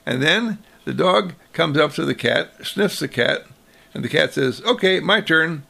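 A man's voice: on the high side, lively intonation, a little slow, gravelly, a bit bright. A man giving a sermon-like talk as a speaker, telling a story and acting out its voices.

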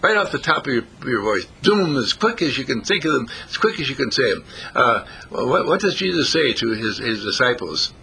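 A man's voice: mid-range voice, sing-song, normal speed, vocal fry, pushed and bright, slight background noise. A man preaching a folksy sermon, repeating phrases and lifting his voice on the key words. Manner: folksy, repetitive, rising emphasis on key phrases.

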